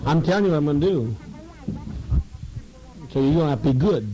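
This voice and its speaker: A man leading a program and addressing a group informally, halting and repeating words for emphasis. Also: a little high, animated, background noise.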